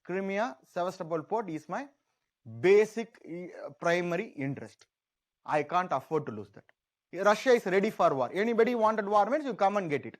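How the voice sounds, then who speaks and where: A man's voice: high voice, expressive, normal speed. A man teaching an exam-prep class, explaining in a repetitive, conversational way and often voicing a country in the first person.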